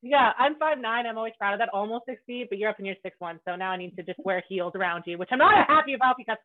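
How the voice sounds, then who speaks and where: A middle-aged woman hosts with a quick, emphatic, playful manner, leaning hard on her words and cheering her guest on. Her voice comes through a narrow, tinny line like a phone call. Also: on the high side, animated. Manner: emphatic, playful, affirming with frequent "yeah". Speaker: host. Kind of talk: casual interview chat.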